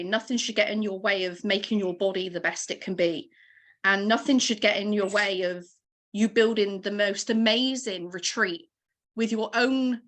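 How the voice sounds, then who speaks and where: A woman's voice: mid-range voice, a bit bright. A woman in her thirties giving an encouraging, emotional motivational training to her team over a video call.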